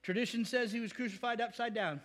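Male pastor, high voice, lively casual preaching, long hall reverb. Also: fast. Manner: animated, conversational, acts out quotes. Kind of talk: sermon.

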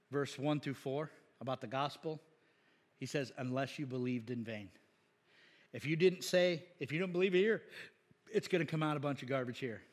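A man preaching a sermon in a church hall with a long, ringing reverb. His voice sits a little high for a man. He jokes, laughs often and builds to loud, emphatic peaks. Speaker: pastor. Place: church sanctuary.

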